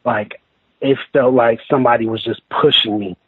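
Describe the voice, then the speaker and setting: Male guest on a phone line, husky voice, dry and tinny sound, halting and rambling delivery. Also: mid-range voice, fairly even intonation, no echo. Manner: rambling, halting, many restarts and fillers. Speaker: guest telling his encounter. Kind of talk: casual storytelling interview.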